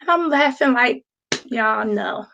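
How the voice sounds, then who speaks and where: A woman's voice: a little high, expressive, slow pace, gravelly, fairly bright tone, dull audio, a little hiss or hum. A woman in her thirties, hosting a show, tells a casual story with lots of laughter and acts out the voices of the people in it. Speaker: host.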